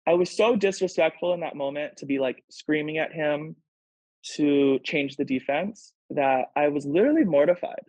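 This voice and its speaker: A man's voice: on the high side, moderate pace, a little mellow, no echo. A man speaking as a podcast guest in casual conversation, earnest and emotional, with frequent "like" fillers. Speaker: podcast guest, pro volleyball player. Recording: dull lo-fi sound.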